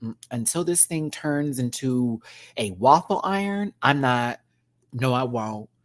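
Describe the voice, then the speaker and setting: A man, hosting a casual livestream from home, chatty and expressive, swearing freely and thanking viewers as he tells stories. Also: medium pitch, unhurried. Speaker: livestream host. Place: home, indoors.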